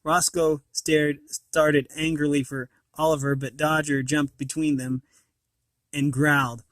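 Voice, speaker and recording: A man reading a children's storybook aloud, now and then stumbling and restarting a word. His voice is bright and a little high. The sound is close and dry. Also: unhurried, dry recording. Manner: animated reading, occasional slips and restarts. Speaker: storybook reader.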